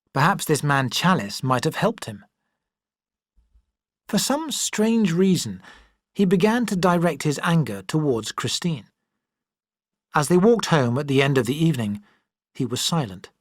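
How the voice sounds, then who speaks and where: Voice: mid-range voice, big pitch swings, measured pace, pauses often, no echo, studio quality. An audiobook reader narrating a classic novel expressively, shifting voices for the characters.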